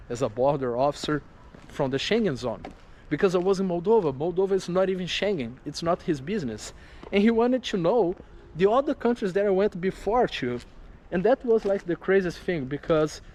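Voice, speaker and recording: A young man, a travel vlogger telling a story to camera outdoors in a city, animated and incredulous, laughing as he talks. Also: sits high, a little hiss or hum. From Brazil.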